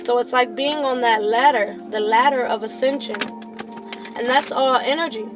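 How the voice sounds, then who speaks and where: A high-pitched woman talks through a tarot reading in a casual, swearing way that turns into impassioned preaching. Music plays clearly behind her voice. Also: moderate pace. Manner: profane, casual. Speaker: tarot reader.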